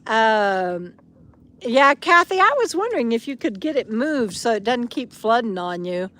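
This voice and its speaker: A woman chatting casually on a live stream, reading viewer comments aloud with many pauses and fillers, outdoors at a camp. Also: a little high, very animated, fairly bright tone. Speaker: vlogger answering live chat.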